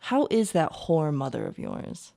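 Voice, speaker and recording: A woman voicing a cruel, smooth-talking noble lady villain in a tabletop role-play, falsely sweet and taunting. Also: low voice, wildly swooping pitch, measured pace, warm tone, exaggerated voice. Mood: menacing sweet. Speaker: tabletop game player.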